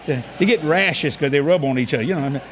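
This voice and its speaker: A man preaching a sermon, telling stories with humor and bursts of shouting. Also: a little high, racing, long reverb tail, slight background noise. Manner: animated storytelling with humor and sudden shouts.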